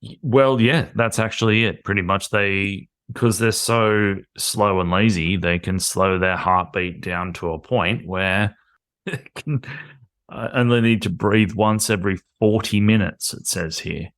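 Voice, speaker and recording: A man hosting a podcast and chatting loosely with a guest. He jokes and laughs a lot in a somewhat low voice. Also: steady tone, unhurried, a bit bright. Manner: joking, chatty, laughs often. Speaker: podcast host. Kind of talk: casual chat.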